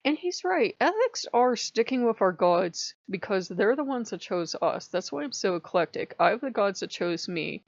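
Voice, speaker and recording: A woman's voice: medium pitch, big pitch swings, moderate pace, creaky, hardly any pauses, no room sound, muffled recording. A woman hosting her own vlog, talking casually and laughing often as she animatedly retells conversations. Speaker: channel host. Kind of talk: casual spiritual vlog talk.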